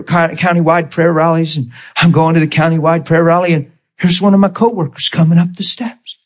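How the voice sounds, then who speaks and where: A man, a pastor, telling a personal testimony in a sermon, animated and leaping into high excited exclamations. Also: a little fast. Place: church sanctuary.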